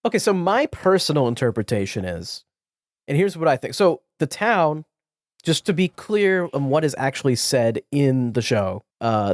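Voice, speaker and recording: A man's voice: medium pitch, darkish tone, clean tone, no room sound, studio quality. Rambling man podcast co-host. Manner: rambling, thinks aloud, trails off mid-sentence. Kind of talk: casual chat.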